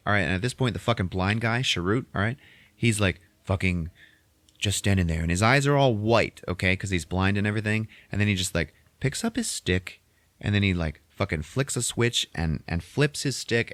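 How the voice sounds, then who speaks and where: A man hosting a podcast, recapping a film in a casual, profane way and acting out the characters in quick voices. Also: on the low side, no echo. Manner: animated retelling, heavy swearing, acts out characters in quick voices. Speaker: podcast host retelling a film.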